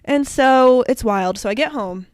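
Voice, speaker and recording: A young woman co-hosting a podcast, telling a story in casual chat, animated, acting out the dialogue she quotes and often saying "like". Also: fairly high pitch, measured pace, smooth, no room sound, clean studio sound. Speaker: podcast co-host.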